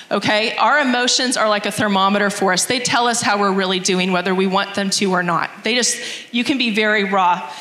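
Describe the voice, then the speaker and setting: A woman's voice: a little high, bright, forceful tone. A woman telling a church gathering, in an earnest and reflective way, how prayer changed her as a mother, reading scripture aloud. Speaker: mother sharing a testimony. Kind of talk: church testimony talk. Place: church hall. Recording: echoey hall, long reverb.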